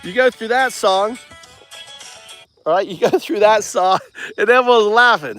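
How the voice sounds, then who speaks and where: A man's voice: high-pitched, a little slow, long pauses, a bit bright, soft background music. A man in a casual, rambling monologue. He jokes mockingly, keeps tagging his sentences with "right?" and often restarts mid-sentence. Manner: mocking, jokey, chuckles while talking.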